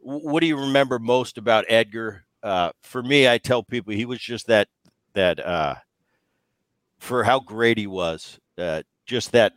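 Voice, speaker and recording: A middle-aged man hosting a casual sports podcast, animated and telling stories with quick impressions of other people. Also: mid-range voice, no echo. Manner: animated storyteller, mimics others in quotes. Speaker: podcast host, former ballplayer.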